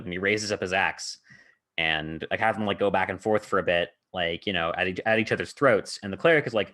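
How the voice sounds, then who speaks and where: A man with a low, slightly bright voice talks quickly as he hosts a podcast, describing a tabletop game he ran as game master. He meanders, fills his speech with filler words and laughs a lot.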